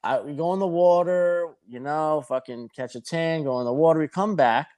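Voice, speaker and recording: Profane storytelling man, slightly high voice. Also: normal speed, darkish tone. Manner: profane, rambling anecdotal delivery. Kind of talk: casual storytelling.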